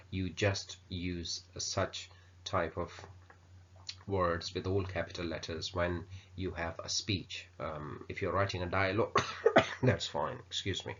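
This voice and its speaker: A man teaching an English grammar lesson, explaining slowly with many ums and uhs. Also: deep voice, a bit bright. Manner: unhurried explaining with many fillers. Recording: dull lo-fi recording.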